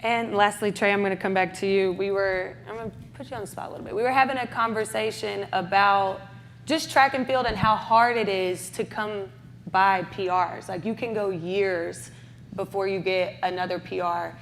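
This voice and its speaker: A woman's voice: medium pitch, fairly even intonation, normal speed, fairly bright tone, a little hiss or hum. A woman moderating a press conference, asking questions in a friendly, chatty way.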